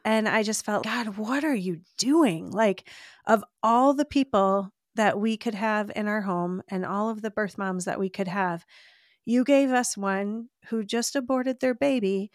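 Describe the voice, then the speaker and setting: A woman's voice: medium pitch, a little slow, dry recording, studio quality. Earnest woman sharing a heartfelt testimony. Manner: earnest, heartfelt storytelling with frequent "like". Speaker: podcast guest. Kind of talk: personal faith testimony in conversation.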